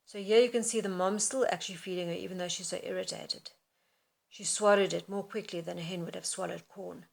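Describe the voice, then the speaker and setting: A woman's voice: fairly low pitch, steady tone, fairly quick, gravelly. A woman, a teacher explaining how to read a story aloud with expression. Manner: explains expressively, then reads passages aloud. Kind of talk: reading-aloud lesson.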